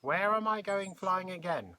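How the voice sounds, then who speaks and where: A man reading aloud and voicing a cheerful, eager old lady with a bright, posh manner. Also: high voice, animated, unhurried, pitched above the performer's own voice, full character voice.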